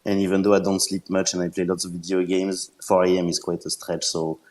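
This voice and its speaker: A man from France speaks with a French accent in a deep, flat voice. He talks in a joking, laid-back way during a casual online chat. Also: fairly quick. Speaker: guest.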